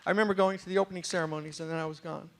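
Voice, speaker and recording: A man's voice: fairly high pitch, fairly even intonation, rapid-fire, a bit bright. A middle-aged man with a mixed New York and West Virginia accent, telling funny stories as a motivational speaker to a university audience. He acts out other people's voices with comic timing. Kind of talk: humorous storytelling talk. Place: university lecture hall with a live audience.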